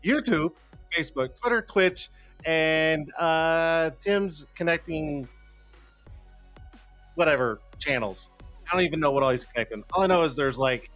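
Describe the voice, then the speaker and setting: Male live-show host, slightly high voice, rambling and foul-mouthed, soft music underneath. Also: unhurried, long pauses. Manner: rambling, cussing, self-deprecating, jokey; flustered, talking to himself while fixing tech. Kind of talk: casual live-stream chat. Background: faint background music.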